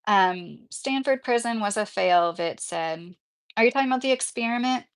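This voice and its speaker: A woman's voice: medium pitch, normal speed, clear, resonant tone. A woman livestreamer reading out chat comments and answering them in a heated, casual way.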